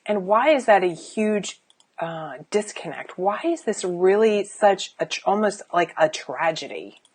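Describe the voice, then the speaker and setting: A woman's voice: lowish voice, a little mellow, breathy edge. A middle-aged woman, a life coach, sitting indoors and giving an emphatic, chatty live-streamed motivational talk with sighs and restarts.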